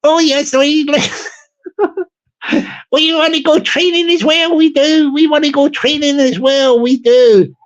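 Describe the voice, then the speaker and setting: A man's voice: very high-pitched, fairly even intonation, takes it slowly, dull audio, pitched above the performer's own voice. A man voicing an eager young woman volunteer from Belfast. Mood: keen.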